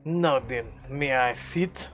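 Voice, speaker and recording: A man voicing a big, grave man with a put-on Russian accent who speaks slowly and heavily, over a slightly dull recording with faint game music. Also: medium pitch, fairly bright tone.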